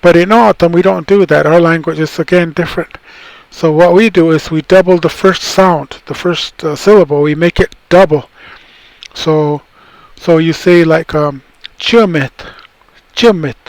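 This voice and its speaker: Rambling man, a touch high, dry. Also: steady tone, normal speed, no room sound, rough recording. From Tohono O'odham Nation, southern Arizona. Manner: rambling, repeats and restarts while explaining words. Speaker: cultural presenter. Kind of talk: recorded presentation, casual explanatory talk.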